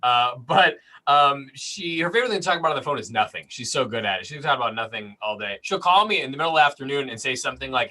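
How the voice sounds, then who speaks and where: A young man does a stand-up set over a video call. His delivery is dry and self-deprecating, and his voice sounds bright and forward. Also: mid-range voice, animated, quick pace, few pauses, rough recording. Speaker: stand-up comedian.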